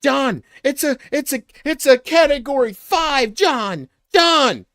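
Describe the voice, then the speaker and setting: A man putting on the voice of a gruff, intense action-movie hero who shouts in strained, high bursts. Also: big pitch swings, slow, no echo, clean studio sound, heavily acted. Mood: frantic.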